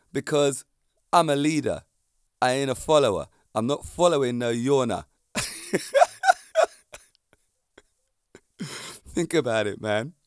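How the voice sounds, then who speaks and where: A man's voice: a little high, no echo, studio quality. A middle-aged man, hosting a casual podcast monologue as a fitness coach. He talks emphatically and preachily, firing off rhetorical questions and laughing at his own jokes.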